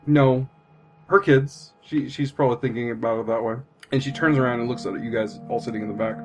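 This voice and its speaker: A male game master narrating a tabletop game. He rambles and corrects himself as he goes, at a middling pitch, with faint music under him. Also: steady tone, fairly quick. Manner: rambling, full of fillers and self-corrections.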